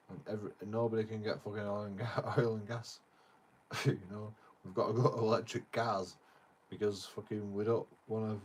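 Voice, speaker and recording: A man's voice: fairly low pitch, breathy edge. A man, commenting casually on a clip in a rambling, swearing manner. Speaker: streamer reacting to a clip.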